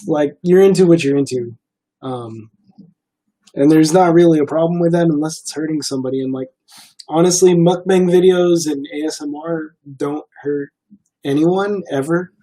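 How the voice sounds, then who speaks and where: A young man chats on his livestream in a relaxed, rambling way, filling his pauses with ums and likes. His voice sits a little high for a man, with a mellow, soft tone. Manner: relaxed, rambling, many fillers. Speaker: livestream host. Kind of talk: casual livestream chat.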